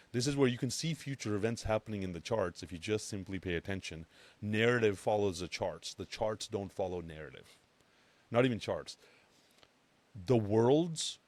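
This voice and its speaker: A man hosting a casual chart analysis talk in a brash, joking, conversational way. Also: sits low. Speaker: crypto channel host.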